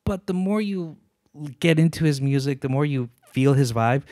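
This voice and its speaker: A man co-hosting a podcast who explains his views earnestly and at length, slowing down to stress his points. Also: a little high, animated, darkish tone, dry recording, studio quality. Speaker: podcast co-host. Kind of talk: casual chat.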